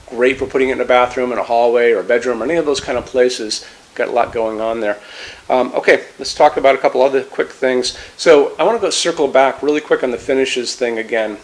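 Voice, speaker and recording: A man of middle pitch talks through a product demo in a relaxed, chatty way. He speaks to the viewer directly and often restarts his sentences as he goes. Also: poor audio. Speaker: lighting salesman presenting a product. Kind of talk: casual product walkthrough.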